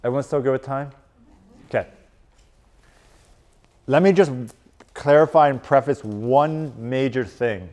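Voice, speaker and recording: A man coaching a live audience in a casual, animated presentation. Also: medium pitch, measured pace, long pauses. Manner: casual and animated, lots of "like" and "right?". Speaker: strength and performance coach. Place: conference room.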